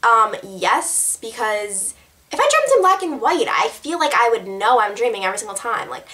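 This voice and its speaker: A woman's voice: fairly high pitch, sing-song, normal speed, sharp tone, a little hiss or hum. A young woman chatting to camera in a rambling, giggly way, answering tag questions. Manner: bubbly, rambling, giggly, lots of "like". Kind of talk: casual chat to camera.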